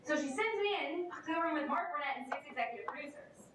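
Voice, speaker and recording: A young woman giving a storytelling keynote speech, lively and full of "like", acting out the people she quotes. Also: high-pitched, quick pace, far from the mic. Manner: lively, peppered with "like", acts out quoted voices. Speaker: keynote speaker. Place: large conference hall. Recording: echoey hall recorded from afar, noisy.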